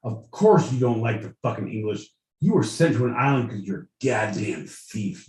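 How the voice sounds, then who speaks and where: A man from Southern California co-hosting a comedy podcast, loud, swearing and mock-outraged. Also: on the low side, expressive, normal speed, soft background music. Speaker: podcast co-host. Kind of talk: profane comedic podcast banter. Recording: echoey room, far from the mic.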